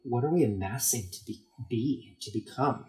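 A man's voice: medium pitch, moderate pace, mellow, echoey room. A man speaking earnestly and emphatically in a casual conversation. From United States.

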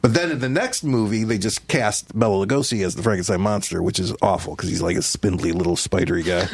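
Rambling, self-mocking man telling stories. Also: on the low side. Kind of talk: casual chat, storytelling.

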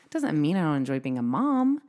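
A woman with a slightly low voice hosts a podcast in relaxed, chatty conversation. She laughs often and drops little quoted asides into her talk. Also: fairly quick. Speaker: podcast host.

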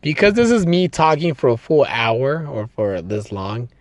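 A man's voice: mid-range voice, a little slow, no room sound. A young man hosting a solo podcast, rambling casually with lots of swearing and restarts, his voice a bit strained from long talking. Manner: excitable, profane, rambling with many restarts.

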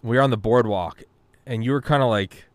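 A man's voice: mid-range voice, fairly quick, no room sound. A man from the United States, hosting a podcast in casual chat, telling stories with swearing and acted-out quotes. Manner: storytelling, profane, acts out quotes. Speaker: podcast host.

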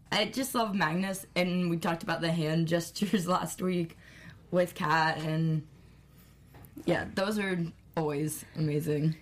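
A young woman co-hosting a casual chat show, enthusiastic and quick to laugh. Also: on the low side. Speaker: podcast co-host.

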